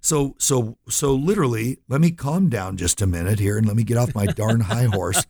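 A man's voice: mid-range voice, expressive, normal speed, darkish tone, no echo, clean studio sound. A man hosting a radio talk show, earnest and impassioned, often restarting his sentences and at times choked up near tears. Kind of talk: emotional radio talk, addressing listeners.

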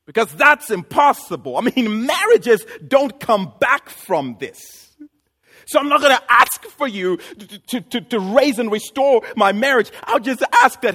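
A male pastor delivers a sermon in a high, bright, forward voice. His pitch leaps and dips constantly, and he mixes jokes with sudden loud bursts. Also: measured pace, breathy edge. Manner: animated, joking preaching with sudden loud outbursts.

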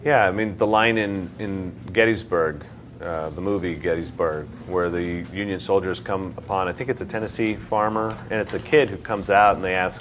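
A man leading a classroom discussion as the instructor, telling stories with animated laughter. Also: fairly low pitch, moderate pace, background noise. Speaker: seminar instructor. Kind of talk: teacher leading a group discussion.

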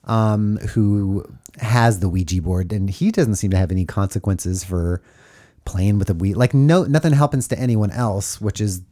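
A podcast host with a lowish voice and moderate pace recaps a horror film casually, cracking jokes and animatedly acting out the characters.

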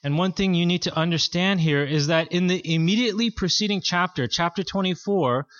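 A man preaching a sermon as pastor, in a measured, earnest teaching manner. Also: high voice, a bit bright, no room sound, dull audio.

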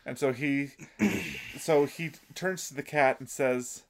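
A man's voice: mid-range voice, slow pace, creaky. A man in casual chat, recapping an episode for a co-host, laughing often and restarting his sentences. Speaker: podcast co-host.

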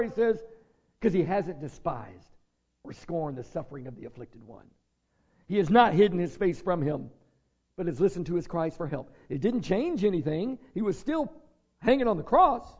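A man's voice: sits high, a little mellow, dull audio. A man preaching a sermon as pastor, earnestly weaving scripture readings into his message.

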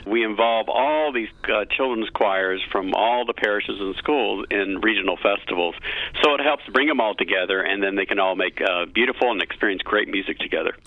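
A man's voice: fairly low pitch, fairly quick, no room sound. A middle-aged man, a cathedral choir director, talking earnestly and enthusiastically as a guest in a radio interview over a phone line. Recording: tinny phone line, dry.

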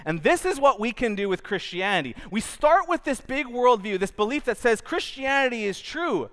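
Animated high-voiced man preaching in a hall. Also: moderate pace. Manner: storytelling, animated, acts out quotes. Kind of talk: sermon with personal anecdote.

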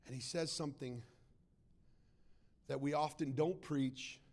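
A man preaching a sermon to a church congregation, swinging between loud acted-out quotes and quiet, low asides. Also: steady tone, unhurried. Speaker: pastor.

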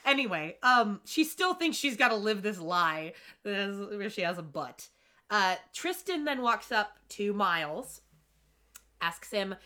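Lively, bright-voiced woman recapping a show. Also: medium pitch, unhurried. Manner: animated, acts out characters' lines in quotes. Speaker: podcast co-host. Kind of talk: casual episode recap chat.

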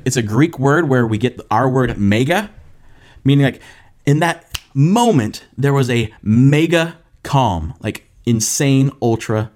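A young man serving as pastor preaches a sermon on a podcast in a medium-pitched voice. He tells the story with animated asides and acts out the voices of the disciples and Jesus.

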